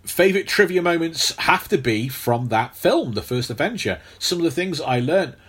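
Joking podcast host. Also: male voice, on the high side, very animated, normal speed, fairly bright tone, breathy edge. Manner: joking, teasing banter. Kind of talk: casual podcast chat.

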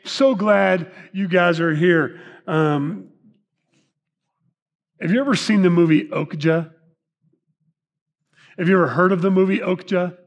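A male pastor with a high voice gives a sermon in a church sanctuary, where his words ring out in a long reverb. He talks to the congregation in a chatty way, joking and asking them questions. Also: measured pace, pauses often, muffled recording. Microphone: microphone. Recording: reverberant hall.

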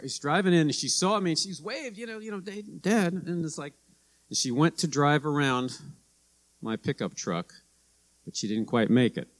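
A middle-aged man delivers a sermon as a pastor. He talks casually and tells stories, slipping into the voices of the people he quotes. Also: on the low side. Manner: conversational storytelling, with anecdotes and acted-out quotes.

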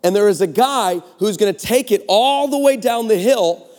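High-voiced man preaching with jokes. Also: normal speed. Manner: animated, sarcastic, joking. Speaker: guest preacher. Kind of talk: comedic storytelling sermon. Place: large church hall. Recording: long hall reverb.

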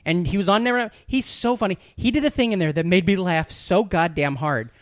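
A man's voice: high voice, fairly quick, no echo, clean studio sound. A man co-hosting a podcast, joking and swearing freely in casual banter. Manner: animated, profane, joking. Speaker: podcast co-host.

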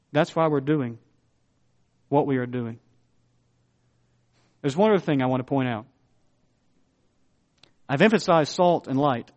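Higher-voiced man preaching a sermon. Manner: preaching with wide swings in loudness and pitch, emphatic pauses. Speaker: pastor.

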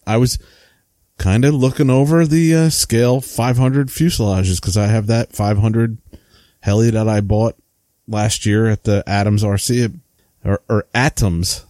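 Casting: relaxed male co-host, lowish voice, dry close sound. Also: no room sound. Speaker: podcast co-host. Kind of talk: casual chat.

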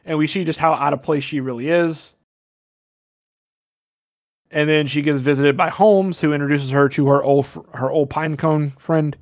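A man's voice: on the high side, steady tone, normal speed, pauses often. A man retelling a movie plot in a casual, rambling, profane way, joking as he goes. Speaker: podcast co-host. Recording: dull lo-fi sound.

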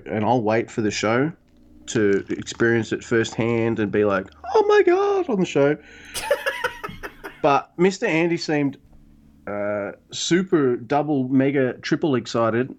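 A man co-hosting a podcast in casual chat, excitable and rambling, cursing often. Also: mid-range voice, unhurried. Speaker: podcast co-host.

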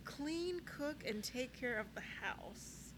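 A woman's voice: high-pitched, expressive, slow pace. Woman, casual podcast chat, chatty, laughs a lot, noisy background. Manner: chatty, laughs often, says "like" and "um". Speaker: podcast co-host. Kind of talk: casual chat recapping a reality show.

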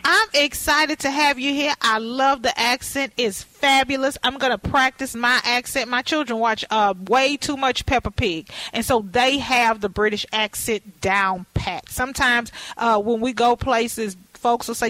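A woman hosting a talk show, chatting in a lively, candid way with folksy asides. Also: fairly high pitch, normal speed, hardly any pauses, dry recording, low-quality recording. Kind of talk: casual talk show chat.

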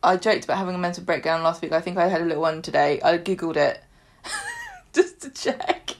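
A woman co-hosting a podcast in casual chat, telling stories animatedly with laughs and loud acted quotes. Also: on the low side, wildly swooping pitch, brisk. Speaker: podcast co-host.

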